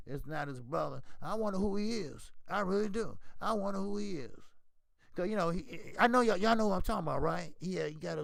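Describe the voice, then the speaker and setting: Boxing channel guy trash-talking loud and profane, kinda high voice, raspy fry. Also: no room sound. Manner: profane trash-talk, animated. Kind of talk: casual commentary.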